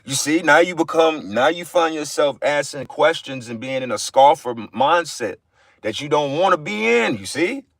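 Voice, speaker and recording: A man's voice: fairly high pitch, lively intonation, moderate pace, creaky, fairly bright tone, no room sound. A man giving an informal livestream sermon, blunt and profane, repeating phrases for emphasis. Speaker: livestream preacher.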